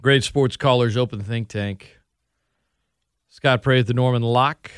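A man hosting a casual sports talk show, opinionated and animated. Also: mid-range voice, measured pace, clean tone, no echo, clean studio sound. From Louisiana. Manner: animated, opinionated, talks over others. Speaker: host.

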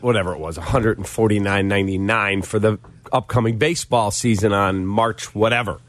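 A man's voice: fairly low pitch, moderate pace, fairly bright tone, no room sound. A man hosting sports radio, telling a customer-service story with wry exasperation and quoting the people in it. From Chicago. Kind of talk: casual radio banter and storytelling.

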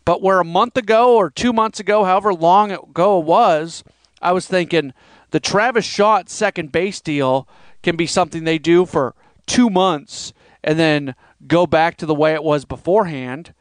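Man, podcast host, solo sports talk, high smooth voice, rambling conversational delivery, dry close-mic sound. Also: normal speed, dry recording.

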